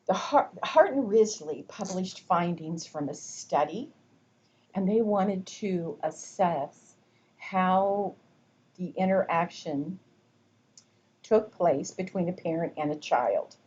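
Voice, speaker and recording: A woman giving a recorded lecture, explaining slowly and deliberately, sometimes dropping to a whisper to demonstrate. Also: lowish voice, a little mellow, highs cut off, slight background noise.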